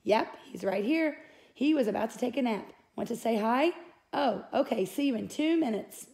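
A woman reading aloud voices a gentle, caring mother of a young boy, speaking softly and reassuringly. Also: fairly high pitch, expressive, moderate pace, pitched above the performer's own voice. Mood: excited.

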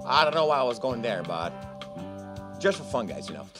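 Loud music sits behind this man as he presents a live casino game, bantering with viewers and joking between rounds. He has a medium-pitched, sing-song voice and a brisk delivery.

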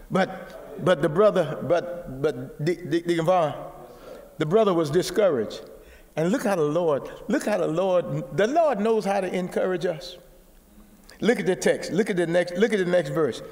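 A man preaching a sermon, repeating words and rising to shouts. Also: high voice, moderate pace, long reverb tail. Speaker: pastor.

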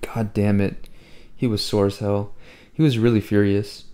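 A man narrating a novel in the first person, his voice pitched low and mellow. He reads in a conversational, wry manner, as if telling the story himself. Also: little pitch movement, unhurried. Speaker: audiobook reader.

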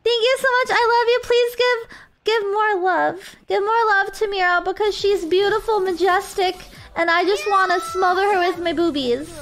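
A woman's voice: very high voice, normal speed, fairly bright tone. A woman streaming a game, chatting casually and emotionally thanking her viewers, close to tears. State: tearful. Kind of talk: casual live-stream chat while gaming.

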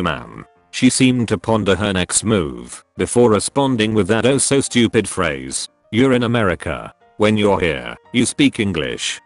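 A synthetic male narrator reads a story with a lowish pitch and a lively, swinging intonation. The delivery is steady and machine-like, with faint music underneath. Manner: synthetic, evenly paced reading. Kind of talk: text-to-speech story reading.

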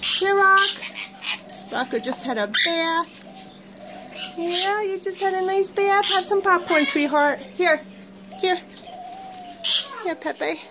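Very high sing-song woman cooing at pets. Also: expressive, slow, long pauses, background noise. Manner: sing-song baby talk to her pets. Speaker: pet bird owner. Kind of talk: casual pet-talk vlog. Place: home with pet birds. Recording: loud squawking birds nearby. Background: loud bird squawks.

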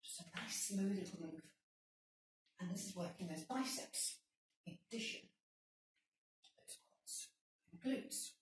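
A woman's voice: on the low side, expressive, slow pace, pauses often, heavy reverb, recorded from a distance, a little hiss or hum, low-quality recording. A woman leading a workout, giving encouraging step-by-step instructions and counting reps, a little out of breath. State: slightly out of breath. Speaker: fitness instructor.

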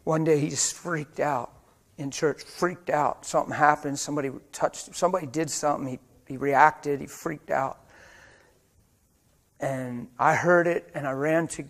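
Older man, slightly high-pitched preacher; tells stories in a sermon, moving between hushed intensity and loud fervor. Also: fairly even intonation, normal speed. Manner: swings from hushed whispers to loud, fervent preaching. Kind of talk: storytelling sermon. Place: church or meeting hall before a live audience.

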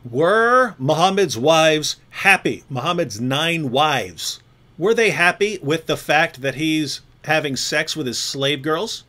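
A man's voice: fairly high pitch, animated, slow, sharp tone. A man hosting a discussion, talking emphatically, repeating points for stress and asking rhetorical questions. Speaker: host. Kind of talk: polemical discussion with a co-host.

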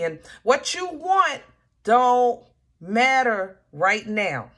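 A woman's voice: on the high side, big pitch swings, drawn-out words, a bit bright. A woman reading tarot cards for her viewers in a casual, emphatic way, repeating her warnings and laughing often. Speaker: tarot reader.

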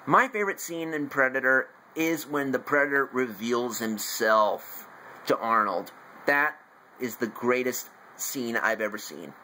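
This rough recording, with a little hiss or hum, captures a man's medium-pitched, bright, forceful voice, animated yet a little slow. He eagerly shows off his figures in a casual home video review of a favorite movie, rambling and correcting himself as he goes.

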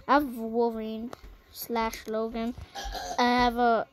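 A female gaming channel host in a casual vlog, listing items one by one with plenty of ums and pauses. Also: a little high, monotone, dry recording, low-quality recording.

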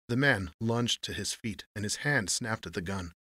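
A man narrating a noir story in a measured storytelling manner. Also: fairly low pitch, expressive, bright, forceful tone, no echo, clean studio sound.

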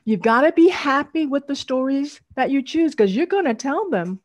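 A woman's voice: high voice, lively intonation, moderate pace. A middle-aged woman, leading an online storytelling workshop over a video call, encouraging and laughing often.

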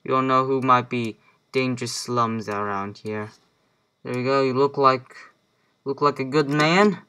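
A young man talks his way through a video game in an unhurried, drawn-out way, half muttering to himself. His voice is bright and a little sharp, and he plays up a bossy, joking tone. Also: mid-range voice, clear, resonant tone. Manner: mutters to himself while playing, playfully bossy. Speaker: let's play gamer. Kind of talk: casual gameplay commentary.

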